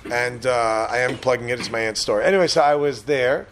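A man's voice: mid-range voice, a little fast, a bit bright, slight background noise. A man giving an informal Torah class in a joking, chatty way, often putting questions to his listeners. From Israel. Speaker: rabbi teaching a class.

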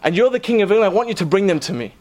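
A man's voice: sits high, sing-song, rapid-fire, darkish tone, pitched above the performer's own voice. A man voicing a tearful young boy who pleads insistently for help, raising his voice as he begs. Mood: pleading.

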